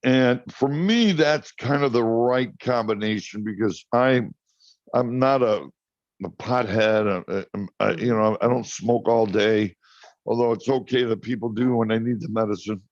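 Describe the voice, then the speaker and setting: A man's voice: medium pitch, unhurried, dry recording. Man, chatty storyteller, restarts and rambles, dry dull call audio, interview guest. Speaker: cannabis farmer guest.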